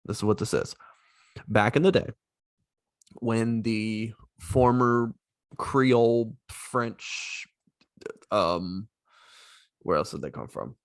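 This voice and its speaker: A man from Louisiana with a Cajun accent, co-hosting a casual podcast over a video call, animated and quick to laugh. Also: lowish voice. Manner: animated, laughs easily, storytelling asides. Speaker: podcast co-host. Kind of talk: casual chat.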